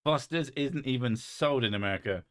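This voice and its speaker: A man's voice: mid-range voice, normal speed. A man with a London accent hosting a casual chat over whisky, blunt, swearing freely and laughing often. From England. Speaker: podcast host.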